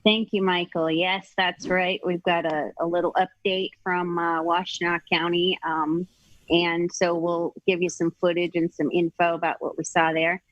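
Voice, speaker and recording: A woman who reports for the show, speaking in a flat, unhurried way on a live talk show. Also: on the low side, no echo, muffled recording. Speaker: field reporter. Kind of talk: casual remarks on a live show.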